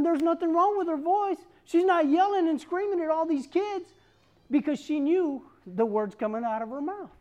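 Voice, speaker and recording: A woman in her fifties preaching a sermon, animated and acting out the voices she quotes. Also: very high voice, moderate pace, highs cut off. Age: 50s.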